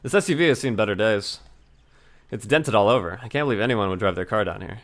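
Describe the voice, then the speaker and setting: A man voicing a dry, weary young male lawyer in a game, speaking in a deadpan, flat manner. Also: fairly low pitch, fast, voice pushed down, close to an everyday voice. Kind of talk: reading game dialogue aloud.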